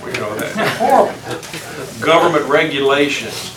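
A man's voice: fairly high pitch, very animated, normal speed, distant mic. An older man teaching an informal Bible class, folksy and chuckling, putting questions to the class. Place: classroom or church meeting room. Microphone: distant room mic. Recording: echoey room recorded from afar with background noise.

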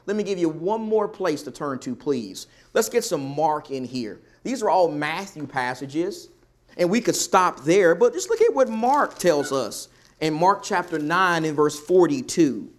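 A man's voice: sits high, measured pace. A male pastor preaching a sermon, emphatic and repeating his key points over and over.

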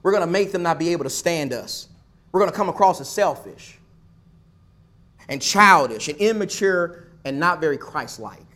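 A man preaching a sermon to his church, stacking rhetorical questions and repeated phrases, now pressing loud, now dropping soft. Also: fairly high pitch, expressive, normal speed. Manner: swings between loud pushes and soft asides.

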